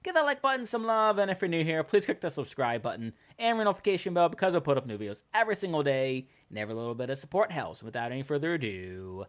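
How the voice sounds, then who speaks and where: A man hosting a reaction video, talking casually and excitably about a comedy clip. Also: on the high side, quick pace, few pauses. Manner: excitable, laughs loudly.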